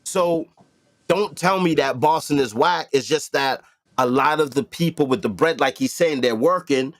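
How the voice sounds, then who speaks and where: A man's voice: a little high, moderate pace, dry recording, clean studio sound. A man hosting a podcast in casual chat, emphatic and profane, repeating himself for effect. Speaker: podcast host.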